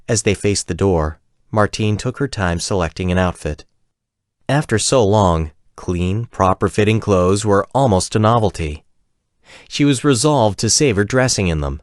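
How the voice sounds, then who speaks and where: A man reading fantasy fiction aloud as an audiobook narrator, in a steady, even storytelling manner. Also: deep voice, normal speed, no echo, studio quality.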